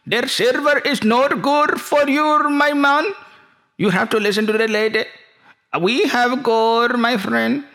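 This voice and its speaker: A man doing a bragging oil-rich tycoon in a comic vlog bit, his voice pushed well above his usual register. He stretches every phrase slowly and showily, loud and pleased with himself. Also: very high voice, pitched above the performer's own voice, heavily acted. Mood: boastful. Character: boastful rich oil-wealthy middle-aged man.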